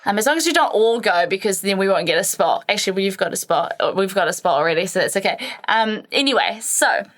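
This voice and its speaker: A woman from France co-hosting a podcast, telling a story in casual chat, animated, laughing often and swearing freely. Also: mid-range voice, quick pace. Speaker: podcast co-host.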